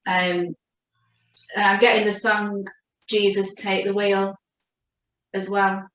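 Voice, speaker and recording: Gentle woman reading chakras. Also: mid-range voice, level tone. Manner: gentle, reassuring, speaks slowly when addressing her guide. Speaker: oracle card reader and coach. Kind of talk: spiritual chakra reading session. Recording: echoey room.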